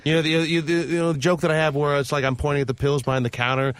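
A man comedian co-hosting a casual comedy talk show, rambling with many halting fillers. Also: on the high side, level tone, smooth, dry recording. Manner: rambling, halting, slips into goofy bits. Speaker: co-host, comedian. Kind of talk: casual comedy podcast banter.

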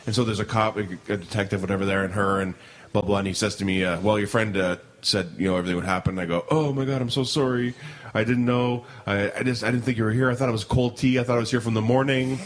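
A man's voice: fairly low pitch, little pitch movement, quick pace. A middle-aged man co-hosting a podcast, telling a rambling story with lots of restarts and laughter in casual chat. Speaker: podcast co-host.

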